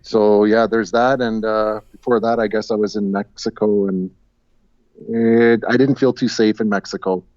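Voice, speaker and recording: A man calling into a talk show, chatting casually in a halting way, repeating words and chuckling at his own jokes. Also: lowish voice, flat delivery, a little mellow, no echo, highs cut off. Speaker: guest caller. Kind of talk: casual chat. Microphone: video call.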